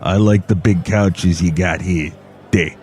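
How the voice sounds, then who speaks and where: A man's voice: low voice, fairly even intonation, measured pace, a little mellow, faint music behind. A man playing Valentino the Pocket Thing, a sidekick in a comedy podcast skit. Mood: plain.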